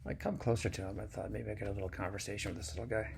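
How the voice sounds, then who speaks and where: A man with a low, gravelly voice tells a personal story in a plain, unhurried, folksy way. His delivery is simple and unpolished. A faint hiss sits in the background. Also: steady tone.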